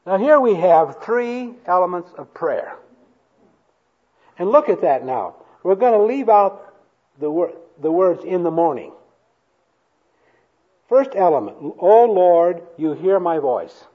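A male pastor delivers a sermon in a slow, deliberate way, leaning on key words. His voice swings widely in pitch and sits a little high. The recording is dull and lo-fi, made in a church before the congregation. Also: very animated. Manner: slow, emphatic, has congregation repeat lines aloud.

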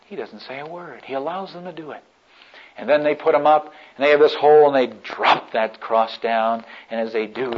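A man preaching a dramatic sermon as a story, swinging from hushed murmurs to loud, emphatic passages. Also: mid-range voice. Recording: dull lo-fi recording.

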